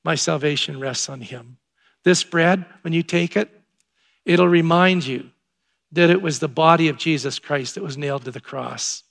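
A pastor with a slightly high-pitched voice delivers his sermon like a relaxed conversation. When the story turns good, his emphasis climbs and grows excited. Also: normal speed, creaky.

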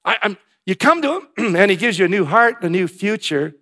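A man preaching a sermon, swinging between hushed, tender passages and loud, emphatic ones. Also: high voice, animated, fairly quick. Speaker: pastor.

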